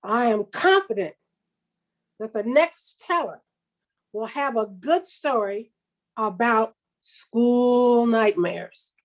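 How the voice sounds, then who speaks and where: A woman's voice: fairly high pitch, expressive, takes it slowly. A woman hosting a virtual story slam, introducing the next teller in a friendly way.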